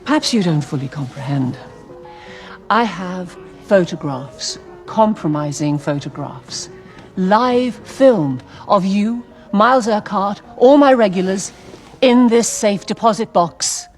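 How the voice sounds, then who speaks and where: An actress playing a poised madam who blackmails a client, speaking coolly and deliberately, in a film with faint music. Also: female voice, medium pitch, animated. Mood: coolly persuasive. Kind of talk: film drama.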